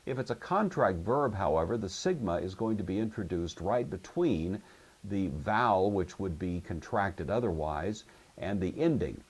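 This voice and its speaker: Low husky-voiced man teaching grammar. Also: expressive, normal speed. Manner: patient, explains step by step, checks understanding. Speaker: Greek teacher. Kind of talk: recorded classroom lecture.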